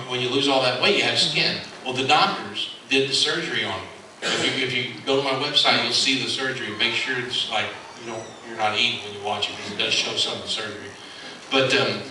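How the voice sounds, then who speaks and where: Guy doing a fired-up pep talk, repeats himself a lot, cracks jokes, super roomy hall sound. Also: mid-range voice. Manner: earnest, repeats key phrases, joking anecdotes. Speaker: motivational speaker. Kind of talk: inspirational speech to an audience. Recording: echoey hall from far off, noisy.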